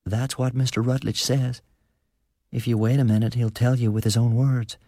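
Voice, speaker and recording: A man's voice: mid-range voice, little pitch movement, moderate pace, warm tone, dry recording, clean studio sound, voice pushed up, close to an everyday voice. A man voicing a bitter, thin, cold rural farm wife who speaks bluntly in rustic speech, read as an audiobook character. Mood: scornful.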